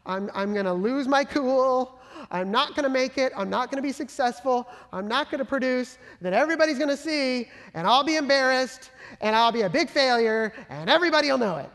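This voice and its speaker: A pastor preaching a sermon with passion, swinging from loud emphatic bursts to soft hushed lines. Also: sits high, expressive, brisk. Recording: long hall reverb.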